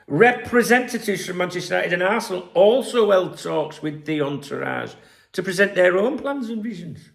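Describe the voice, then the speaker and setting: A man's voice: a little high, gravelly, roomy sound. A man hosting a football channel, reading news aloud and mocking it in a sweary, sarcastic rant. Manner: mocking, sweary, reads articles aloud and rants. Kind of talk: sarcastic solo commentary.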